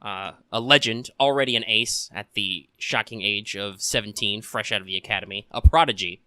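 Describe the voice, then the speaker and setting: Bright-voiced male game master. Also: on the low side, normal speed, clean tone, no echo, studio quality. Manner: relaxed and joking, with many fillers. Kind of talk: casual tabletop game narration.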